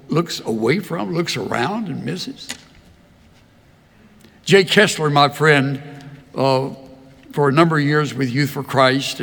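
An older man preaching a sermon, telling folksy stories in a slow, easy drawl. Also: fairly high pitch, vocal fry, a bit bright, long reverb tail. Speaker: pastor. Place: large church hall.

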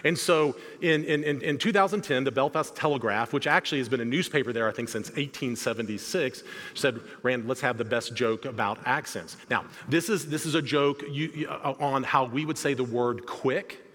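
A man's voice: mid-range voice, normal speed, a bit bright. Man preaching in a reverberant sanctuary. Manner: conversational, self-deprecating storytelling with frequent restarts. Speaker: guest preacher. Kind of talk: sermon. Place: large church sanctuary. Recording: long hall reverb.

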